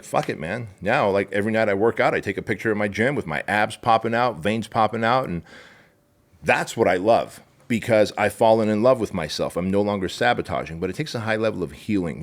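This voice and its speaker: A man with a lowish voice speaks as a podcast guest. His delivery is emphatic and preachy, with plenty of swearing as he drives each point home. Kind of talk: casual interview chat.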